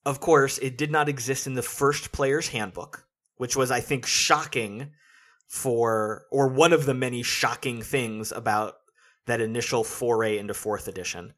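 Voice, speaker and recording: A man hosting a casual podcast discussion, explaining things in a steady, analytical way. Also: medium pitch, unhurried. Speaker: podcast host.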